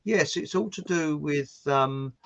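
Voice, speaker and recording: A man's voice: fairly high pitch, slow pace, gravelly, fairly bright tone. Chatty man with a lo-fi sound. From southern England. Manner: chatty, tells long jokes, laughs at own jokes. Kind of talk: rambling casual chat with jokes. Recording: dull lo-fi sound.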